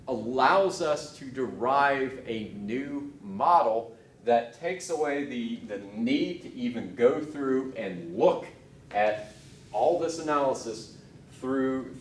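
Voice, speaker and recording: A man's voice: mid-range voice, distant mic, slight background noise. Casual male lecturer in an echoey room. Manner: casual, thinking aloud with restarts and asides. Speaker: engineering lecturer. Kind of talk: recorded technical lecture.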